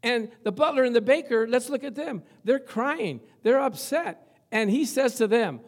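A man's voice: extremely high pitch, moderate pace. An older man preaching a sermon as pastor, telling stories in a conversational, humorous way to his congregation. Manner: lively storytelling to a congregation.

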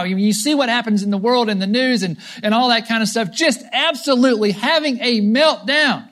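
High-voiced pastor preaching animatedly. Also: male voice, moderate pace, few pauses. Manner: animated storytelling, checks in with the congregation with a repeated "right?". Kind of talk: sermon.

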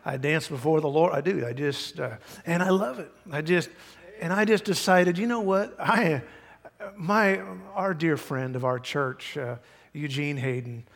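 A man's voice: a little high, unhurried, vocal fry, long reverb tail. A male pastor preaching a sermon in a church, folksy and emphatic with many asides. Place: church sanctuary.

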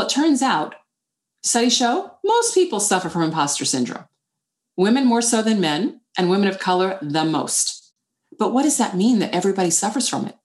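A middle-aged woman author answers interview questions in an animated way. Her pitch rises and falls widely as she acts out her inner voices, and her tone stays at a mid height for a woman. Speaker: author and former CEO.

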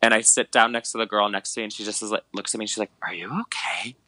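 A young man in casual podcast chat, retelling events with big animated emphasis and constant filler words. His voice sits a bit low but carries a bright, forward tone. The recording is close and dry. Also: rapid-fire, no echo, rough recording. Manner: animated storyteller, many fillers like "like" and "um", dramatic retellings.

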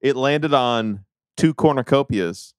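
A man running a trivia game on a casual podcast, hesitating often and laughing easily. He has a mid-pitched voice. The sound is dry and close. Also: takes it slowly, clear, resonant tone, no echo.

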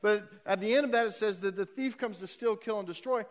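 A man's voice: high-pitched, fairly quick, long reverb tail. A man preaching a conversational sermon as pastor, with frequent fillers and restarts. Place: church sanctuary.

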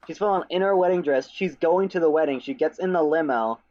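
A man's voice: a little high, brisk, a little mellow. Lo-fi recorded joking male podcaster. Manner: loose, joking, full of "like" fillers. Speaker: podcast co-host. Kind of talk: casual movie recap chat. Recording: dull lo-fi audio.

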